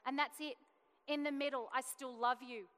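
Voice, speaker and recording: A woman's voice: high voice, steady tone, moderate pace, fairly bright tone, smooth. A woman in her thirties giving a testimony sermon, telling a family story earnestly and acting out the dialogue. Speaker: church speaker sharing testimony. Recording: long hall reverb.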